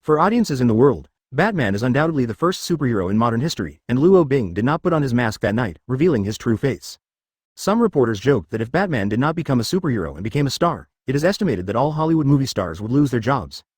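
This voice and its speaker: A man's voice: mid-range voice, sing-song, fast, no room sound, studio quality. A man reading a story aloud as scripted audiobook narration, in a matter-of-fact way.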